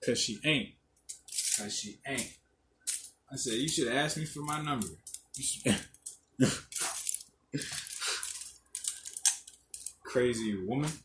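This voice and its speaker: A man's voice: medium pitch, takes it slowly, long pauses. A young man hosting a podcast alone, telling rambling, profane stories and laughing often. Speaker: podcast host. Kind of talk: casual monologue. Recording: echoey room, faint noise.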